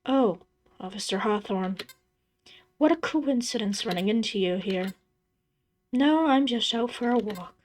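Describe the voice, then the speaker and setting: A woman voicing a grieving, obsessed father in a horror game, speaking quietly and evasively. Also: mid-range voice, expressive, unhurried, pauses often, slight background noise, lightly acted. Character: grieving obsessed father, middle-aged man.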